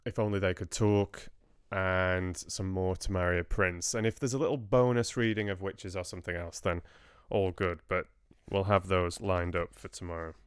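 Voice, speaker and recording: A man chats casually with his livestream viewers, wandering from thought to thought. His voice sits low and sounds smooth and resonant. The close mic makes it dry, with no room sound. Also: fairly even intonation, normal speed, hardly any pauses, no room sound. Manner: chatty and rambling, answering viewers' chat with laughs. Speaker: livestream book club host.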